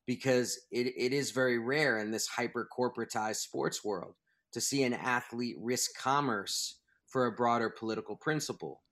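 A man in a conversational interview, explaining his views at length with emphatic, animated delivery. His voice sits in a middle register, and he often stops and restarts a thought as he builds toward his point. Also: mid-range voice, normal speed. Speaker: author and guest.

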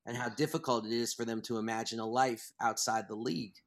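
A man's voice: mid-range voice, quick pace. A man being interviewed as an author, talking emphatically and at length, restarting his thoughts as he goes. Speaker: author and guest. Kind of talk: interview conversation.

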